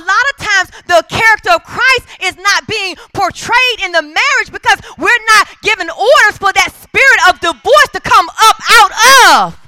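Her voice very high, bright and forceful, a woman preacher delivers a fervent sermon in church. She hammers her points with emphatic call-and-response, repeatedly asking the congregation to answer. The recording is close and dry.

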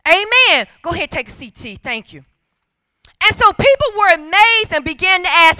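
A woman preacher delivers a fervent church sermon, pressing her points home with repeated calls for the congregation to answer her. Her voice sits very high and rings bright and forceful, and it is recorded dry and close. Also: big pitch swings, moderate pace, no echo. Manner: emphatic call-and-response preaching.

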